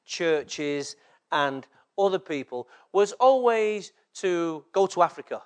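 A man's voice: on the high side, lively intonation, takes it slowly. A man from England preaching a sermon as a pastor, often checking in with the congregation through short rhetorical questions.

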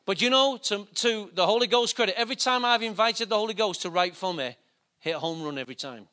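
Middle-aged guy preaching, high bright voice, jokey storytelling. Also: fairly quick. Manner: chatty, self-mocking anecdotes with laughter. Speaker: pastor. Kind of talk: storytelling sermon.

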